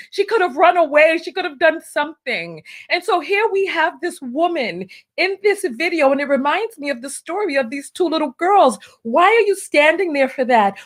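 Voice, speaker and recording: A middle-aged woman hosting a talk show, delivering an emphatic opinion monologue that hammers on repeated rhetorical questions. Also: high voice. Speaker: show host.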